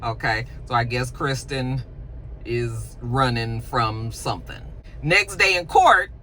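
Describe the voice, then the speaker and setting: A woman's voice: a bass voice, takes it slowly, slight background noise. A woman giving a casual recap of a TV episode, talking in a loose, slangy and profane way. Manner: animated, slangy, profane retelling. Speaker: TV recap host.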